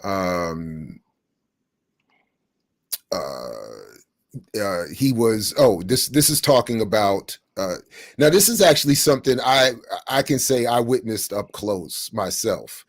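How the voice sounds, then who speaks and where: A man's voice: lowish voice, slow, no echo. A middle-aged man hosting a podcast, telling a story in a casual way and acting out what people said. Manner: animated, acts out quotes while telling stories. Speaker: podcast host.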